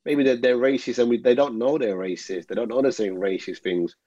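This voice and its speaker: A man's voice: mid-range voice, steady tone, brisk, dark tone, no echo. A man, a former footballer speaking as an interview guest, earnest and rambling with many fillers. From England. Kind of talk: reflective interview talk. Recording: dull, dry audio.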